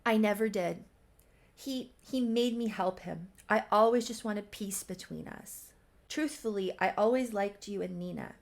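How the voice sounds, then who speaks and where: A tearful young woman, guilt-ridden and anxious, pleading earnestly for forgiveness, as a woman puts her on while retelling a life-sim soap opera. Her voice carries a gravelly fry. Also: mid-range voice, a little slow.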